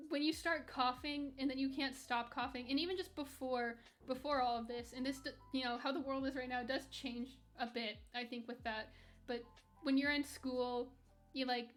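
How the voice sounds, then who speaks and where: A young woman streaming and chatting candidly with her live chat, rambling with restarts and light laughs. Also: sits high. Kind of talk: casual chat reading live chat while gaming.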